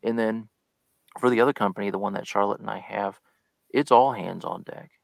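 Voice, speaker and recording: A man's voice: fairly low pitch, fairly quick, creaky, no room sound. A man chatting as a guest on a live podcast, telling a story and acting out the lines he quotes. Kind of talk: casual live podcast chat.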